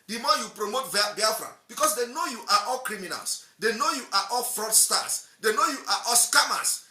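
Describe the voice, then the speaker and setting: Fiery, high, bright-voiced man in an echoey room. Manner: combative, repetitive rhetorical questions. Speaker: political commentator. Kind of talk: impassioned political monologue.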